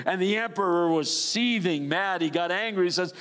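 An older man preaching a sermon as pastor, his voice swinging from raised emphasis down to low, quiet lines. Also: steady tone, moderate pace, hardly any pauses, long reverb tail. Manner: preaching with sweeping rises and drops in pitch.

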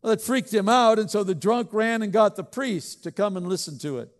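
A man's voice: high-pitched, a little fast, in a large hall. A man preaching a sermon in a conversational, joking way, asking the congregation questions. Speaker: pastor.

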